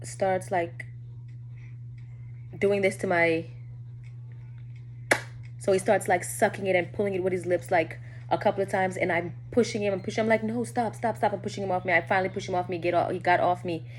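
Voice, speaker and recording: A woman's voice: steady tone, brisk, pauses often, slight background noise. Candid woman telling a storytime. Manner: candid, addresses viewers as y'all, often drops low and quiet. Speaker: vlogger telling a personal story. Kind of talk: casual storytime.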